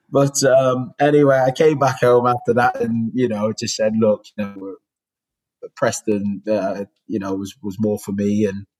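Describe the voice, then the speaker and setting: A man's voice: fairly low pitch, flat delivery, measured pace, darkish tone, slightly rough, poor audio. A man in his forties with a Bristol accent, a former goalkeeper telling stories in a rambling interview, with many restarts. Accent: Bristol English. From Bristol, England. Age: 40s. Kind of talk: casual interview storytelling.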